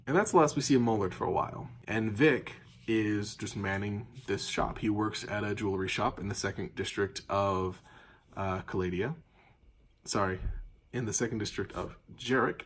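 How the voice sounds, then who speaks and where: A man's voice: lowish voice, fairly even intonation, normal speed, slightly rough. A man game master recapping a tabletop campaign in casual, rambling storytelling with lots of fillers.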